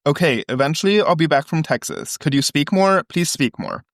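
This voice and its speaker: A man's voice: a little high, lively intonation, moderate pace, no echo, clean studio sound, voice pushed up. A man voicing a flustered, suspicious man who keeps questioning a strange caller. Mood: exasperated. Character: flustered, suspicious man answering odd calls.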